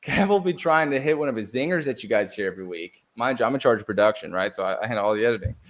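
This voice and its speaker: Lively laughing guest, casual cursing. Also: male voice, on the low side, very fast. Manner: energetic, laughing, casual swearing. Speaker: podcast guest. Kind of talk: casual chat.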